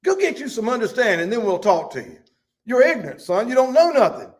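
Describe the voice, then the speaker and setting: A man acts out a blunt, impatient friend with a drawl, scolding in a raised, higher voice. He talks down to his listener with loud, pushy emphasis. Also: sing-song, fairly quick.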